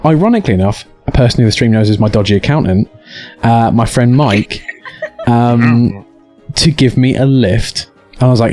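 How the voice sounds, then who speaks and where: A man's voice: mid-range voice, moderate pace, soft background music. A young man hosting a live stream, telling a story with many restarts and acted-out quotes. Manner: animated, stammering restarts, acts out quotes. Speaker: streamer host.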